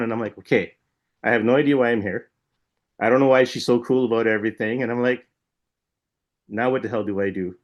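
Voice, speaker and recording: A man co-hosting a podcast, retelling a dream in a rambling, animated way, full of "like" and "right?". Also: mid-range voice. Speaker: podcast co-host. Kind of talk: casual chat, storytelling.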